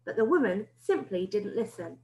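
A woman teacher reading a children's book aloud in an expressive storytelling way. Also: mid-range voice, moderate pace. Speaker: primary school teacher. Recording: roomy echo.

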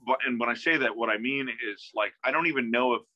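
A man tells a story as a casual interview guest, his tone very bright and forceful. He acts out other people's lines as he goes and often restarts his sentences. The video-call audio is dry and dull. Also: mid-range voice, fast talker, no echo. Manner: animated, acts out quoted dialogue, many restarts.

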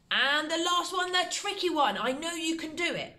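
A woman teacher, giving a slow, encouraging phonics lesson to young children and sounding out letters. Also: fairly high pitch, lively intonation, pushed and bright. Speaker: primary school teacher. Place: home, recorded for online learning.

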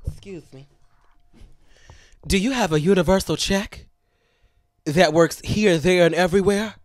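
Animated young man on a livestream. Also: high-pitched. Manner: animated, dramatic, talks straight to viewers. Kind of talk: casual livestream chat.

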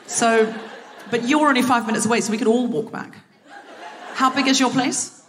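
Woman, comedy host, slightly high voice, teasing crowd work, live theatre, clicking noise in the recording. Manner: playful, self-mocking, quick banter with the audience. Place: theatre stage before a live audience.

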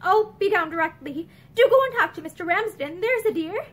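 A woman's voice: very high-pitched, expressive, a little fast, fairly bright tone, voice pushed up. A woman reading the lines of a nervous young married woman who stammers and evades. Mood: flustered. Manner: flustered, stammering replies.

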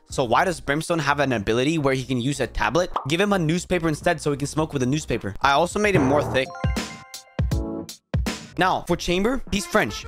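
Male creator, slightly high voice, playful and teasing sarcastic commentary. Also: fairly bright tone. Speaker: video creator. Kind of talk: casual joking commentary.

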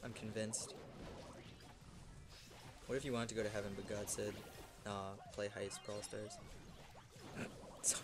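Excitable young man on gameplay commentary. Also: fairly low pitch, a little slow, long pauses, background noise. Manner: excitable, swears, shouts at wins and losses. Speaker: gaming YouTuber.

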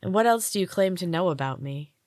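A woman's voice: on the low side, expressive, fairly quick, darkish tone, no echo, clean studio sound, close to an everyday voice. A woman reading a wary, defiant teen heroine. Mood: guarded. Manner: guarded, questioning.

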